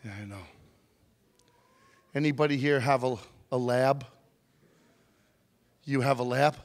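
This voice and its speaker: A man's voice: mid-range voice, a little slow. A man telling a funny story to a live audience as a motivational speaker, teasing people in the crowd. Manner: animated, jokey, teases audience members. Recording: long hall reverb.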